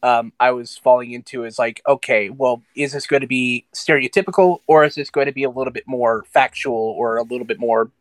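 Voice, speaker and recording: A man's voice: medium pitch, brisk, hardly any pauses, no echo. Earnest man, dry close sound. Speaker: podcast panelist. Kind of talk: casual chat.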